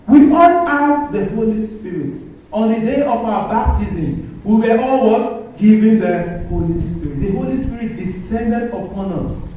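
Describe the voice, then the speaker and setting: A man preaching as a priest, his very high voice swooping with lively melody as he keeps asking the congregation to finish his sentences. He speaks slowly and deliberately. The sound is distant and booming, caught from far back in a reverberant church with faint ambience behind. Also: a little hiss or hum. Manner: call-and-response questioning of the congregation. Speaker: Catholic priest. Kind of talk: sermon.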